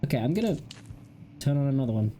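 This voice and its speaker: Woman gaming host, low and mellow, lively, giggly let's-play chatter. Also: fast, slight background noise. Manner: chatty, giggly, wry asides to herself. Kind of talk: casual let's-play commentary.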